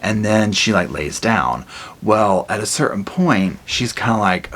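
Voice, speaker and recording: A man reviewing a movie in a casual spoiler recap, telling it in an animated, slangy way and acting out the scenes. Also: lowish voice, a little slow.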